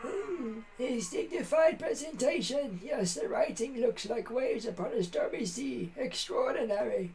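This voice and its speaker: A man's voice: very high voice, creaky, darkish tone, a little hiss or hum, pitched above the performer's own voice, exaggerated voice, rough recording. A man voicing an old male fish-folk scholar from a game, formal and wordy, reading the dialogue aloud. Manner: grand, formal reading with drawn-out musings.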